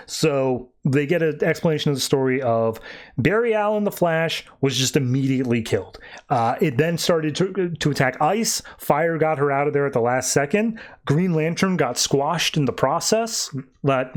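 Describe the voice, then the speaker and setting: A man's voice: on the high side, normal speed. A young man hosting a podcast, recapping and reviewing comics in a rambling, casual way with lots of fillers. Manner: rambling, filler-heavy, quotes characters in a lifted voice.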